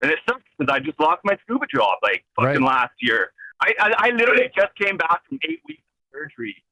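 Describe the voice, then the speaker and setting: A man's voice: fairly high pitch, very animated, brisk, sharp tone, no room sound, poor audio. Agitated, swearing man ranting. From Canada. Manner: agitated, swearing, rambling rant with many restarts. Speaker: caller. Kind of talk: heated phone call. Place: in a vehicle driving.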